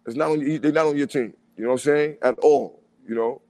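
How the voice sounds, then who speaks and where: A man in casual chat, talking in an animated, street-style way and often asking "you know what I'm saying". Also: mid-range voice, a little fast, dry recording.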